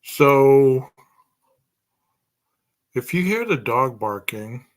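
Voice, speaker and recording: A man's voice: medium pitch, very animated, extremely slow. A man hosting a true crime podcast, speculating aloud through a string of rhetorical questions.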